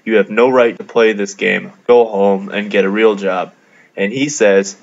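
A man's voice: fairly low pitch, fairly even intonation, unhurried, gravelly. A man from Canada casually recounting a game encounter, laid-back and amused, with lots of fillers. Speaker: gamer narrating a video. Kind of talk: casual storytelling over gameplay. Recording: dull lo-fi mic.

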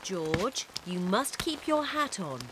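A woman voicing a patient, sensible mother pig in a cartoon, calm and gently firm. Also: medium pitch, slow, noisy background. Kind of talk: cartoon voice acting.

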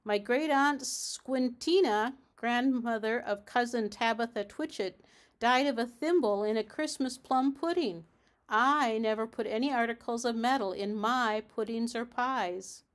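A prim female cat hostess, polite on the surface but severe underneath, as a woman reading a storybook puts her on. Her voice sits fairly high and proper. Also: measured pace, close to an everyday voice. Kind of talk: storybook read-aloud.

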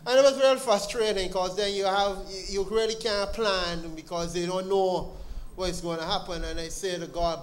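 A man with a Barbadian accent giving an earnest, animated personal testimony at a church service. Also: high voice, moderate pace, a little hiss or hum. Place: church sanctuary. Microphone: live-streamed service mic.

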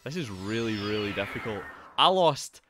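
A young man streaming a video game live, excitable, swearing often and chatting straight to his viewers. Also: on the low side, normal speed, noisy background. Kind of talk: live gameplay commentary with chat.

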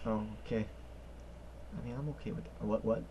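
A man's voice: fairly low pitch, steady tone, brisk, dark tone, muffled recording, a little hiss or hum. A man chatting casually and joking as co-commentator on a let's play, laughing often. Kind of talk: casual gaming chat.

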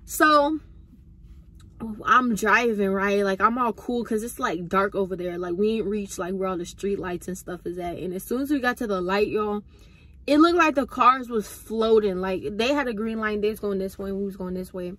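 A woman's voice: medium pitch, moderate pace, a bit bright. A young woman casually telling a storytime to her viewers, chatty and full of slang. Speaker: vlogger.

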